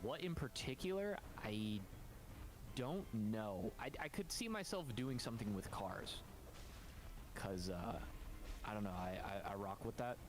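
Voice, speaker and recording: A man's voice: lowish voice, lively intonation, measured pace, background noise. A young adult man chatting casually as a co-host, rambling and laid-back, with lots of fillers. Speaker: YouTuber co-host. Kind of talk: casual chat.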